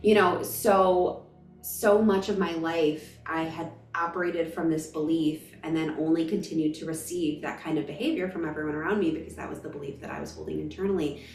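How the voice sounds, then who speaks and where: Woman in her thirties, spiritual storytelling, emphatic, gushing, low voice, roomy sound with faint music. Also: a little mellow, far from the mic. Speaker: spiritual vlogger. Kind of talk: personal storytelling monologue.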